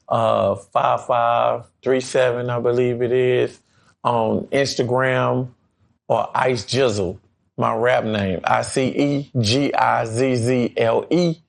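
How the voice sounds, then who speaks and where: Casting note: male guest from New Orleans, gravelly and relaxed, mid-pitched. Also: slow. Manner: laid-back, repeats "you know what I'm saying". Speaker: author and rapper guest. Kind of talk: casual interview chat.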